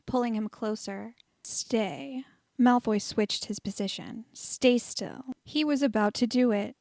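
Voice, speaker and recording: A woman reading fan fiction aloud in a steady, even narration. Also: medium pitch, dry recording. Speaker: audiobook reader of fan fiction.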